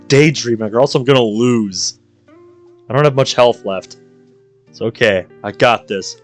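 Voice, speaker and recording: A man's voice: mid-range voice, measured pace, long pauses, faint music behind. A man streaming a visual novel, reading it aloud and reacting with jokes. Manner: playful, reacts with jokes and laughter.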